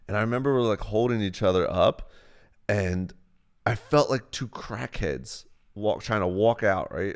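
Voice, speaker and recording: A young man on a live stream, casually telling a rambling, profane story. He often acts out what people said in a raised voice. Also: fairly low pitch.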